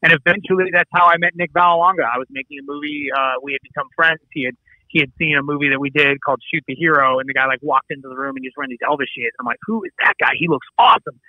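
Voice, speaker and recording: A middle-aged man from the Midwest tells a story in a lively, casual way, acting out dialogue and swearing freely. His voice sits high and he talks fast. The call audio is dry and dull. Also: dry recording. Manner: animated, swearing, acts out dialogue. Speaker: actor and producer guest. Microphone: remote call.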